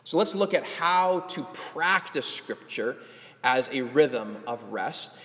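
A male pastor closing a sermon with practical teaching, gentle and earnest, often restarting his phrases. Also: medium pitch, animated, takes it slowly, in a large hall.

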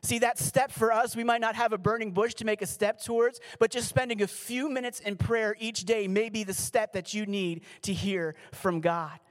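A man, a pastor, preaching a sermon in an earnest, pleading way, slowing down and dropping to a near hush on key lines. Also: sits high, steady tone.

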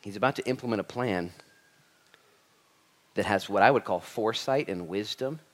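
A man delivers a sermon as pastor, swinging from calm teaching to loud, playful acted-out quotes. He talks in a casual, humorous way and leans on the congregation. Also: on the low side, moderate pace.

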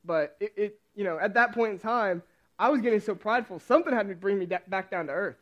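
Young guy, high voice, casual youth sermon, lots of restarts, kinda muffled lo-fi audio. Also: quick pace, fairly bright tone. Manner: chatty, self-deprecating storytelling with many restarts. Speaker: youth pastor. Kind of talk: casual sermon with personal story. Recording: dull lo-fi recording.

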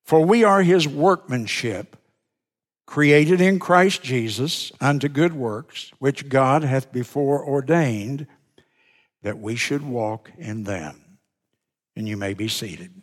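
Slow, deliberate preacher in a reverberant sanctuary. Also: male voice, mid-range voice. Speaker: pastor. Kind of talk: sermon. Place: church sanctuary. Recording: long reverb of a church sanctuary.

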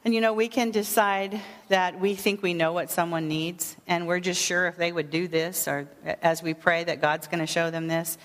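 A woman teaching a sermon on prayer ministry, speaking earnestly and gently with frequent fillers. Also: fairly low pitch, flat delivery, normal speed, few pauses, in a large hall.

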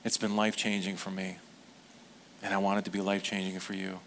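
Male pastor, sermon delivery, earnest and animated, slips into playful quoted voices. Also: low voice, fast, a little hiss or hum. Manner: earnest, gets emotional.

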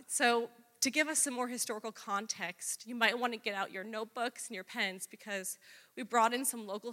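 A woman's voice: fairly high pitch, pushed and bright. A young woman reading scripture aloud and then teaching casually, with chatty asides and fillers. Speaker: youth Bible teacher. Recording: long reverb of a large hall.

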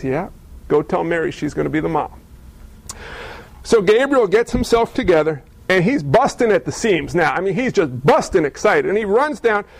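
High-voiced gravelly male pastor preaching. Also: no echo, rough recording. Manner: storytelling, conversational, rhetorical questions. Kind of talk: sermon.

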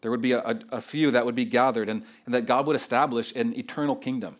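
A man's voice: medium pitch, fairly even intonation, fast talker. Conversational pastor, a man preaching. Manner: unscripted, conversational, many fillers and restarts. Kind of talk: sermon.

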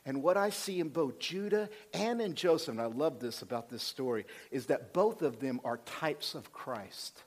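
A male senior pastor preaching a sermon, retelling scripture in a lively, conversational way that swings between loud and soft. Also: medium pitch, normal speed, few pauses.

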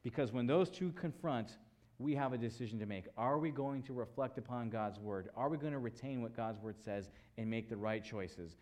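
A man delivers a sermon at an average pitch. He stresses his points with repetition and keeps returning to rhetorical questions. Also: normal speed, a little mellow. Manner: emphatic preaching with repeated phrases and rhetorical questions. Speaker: pastor.

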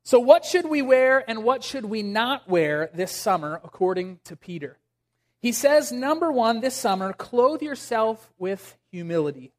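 A man's voice: sits high, animated, a little slow. A young man preaching a casual, humorous sermon to a church congregation, joking and using many fillers. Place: church sanctuary.

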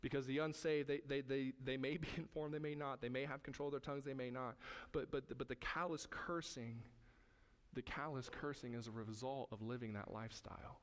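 A man's voice: medium pitch, steady tone, a little fast. A man preaching as pastor, emphatic and repetitive, speaking directly to his congregation. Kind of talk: sermon.

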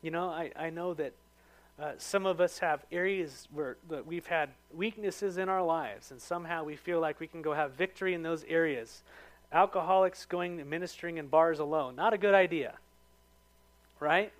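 Guy pastor giving a sermon, kinda high voice, chatty, gets loud then goes quiet. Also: normal speed. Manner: conversational preaching, voice rising for emphasis then dropping low. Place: church.

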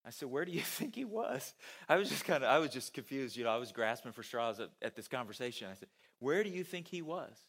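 A man's voice: medium pitch, quick pace. Conversational male preacher telling a story. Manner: conversational, animated storytelling with laughs. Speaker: pastor. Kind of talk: sermon with storytelling.

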